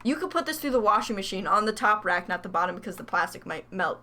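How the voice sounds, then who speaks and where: A woman's voice: mid-range voice, animated, quick pace, few pauses, sharp tone, slight background noise. A young woman chatting casually on a live stream while crafting, rambling and joking at herself, with the hiccups. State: has the hiccups. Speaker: livestreaming crafter.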